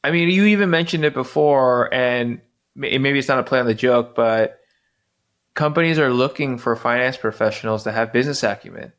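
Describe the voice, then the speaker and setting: A man's voice: medium pitch, brisk, a bit bright. Guy hosting a podcast, chatty, lots of ums and likes. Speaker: podcast host, finance executive. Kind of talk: casual podcast conversation.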